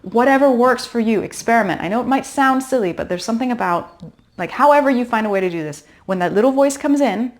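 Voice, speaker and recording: A woman in her thirties gives heartfelt advice straight to camera. She talks warmly and emphatically as a pregnancy coach, and she stresses each point she wants to land. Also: a little high, animated, fast talker. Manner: earnest, encouraging, emphatic. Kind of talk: direct-to-camera advice talk.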